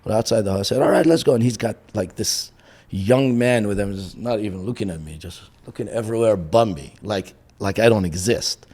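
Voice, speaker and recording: A man's voice: fairly low pitch, brisk, darkish tone, breathy edge. A middle-aged man, a boxing coach on a podcast, telling a story with animation, acting out the dialogue and often laughing.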